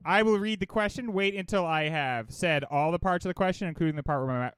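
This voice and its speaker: A man's voice: sits high, fast talker, a bit bright, clean tone, dry recording. A man co-hosting a casual movie podcast who also runs a trivia segment, playful and theatrical. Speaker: podcast co-host, trivia quizmaster.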